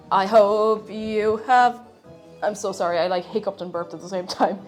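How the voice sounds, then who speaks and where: A woman's voice: medium pitch, fairly even intonation, unhurried, faint music behind. A woman chatting casually and playfully with her viewers while cooking in her home kitchen on a livestream. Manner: playful rambling banter with chat. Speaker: streamer. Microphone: streaming mic.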